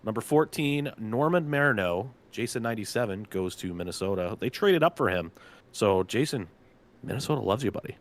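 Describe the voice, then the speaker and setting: A man's voice: lowish voice, expressive, brisk. A man, a team general manager, casually announcing draft picks with a chatty, loose manner and lots of filler words. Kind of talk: casual live draft commentary.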